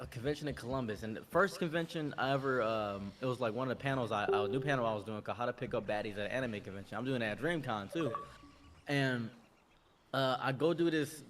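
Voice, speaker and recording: A man's voice: medium pitch, a bit bright, slight background noise. A man telling an anecdote in casual chat, in a laid-back, wry way.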